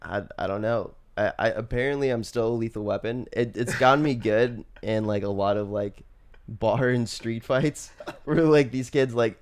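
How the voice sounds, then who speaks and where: A man's voice: mid-range voice, steady tone, moderate pace, darkish tone, clear, resonant tone. A young man co-hosting a casual podcast chat, rambling with lots of fillers and restarts, laughing often. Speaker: podcast co-host.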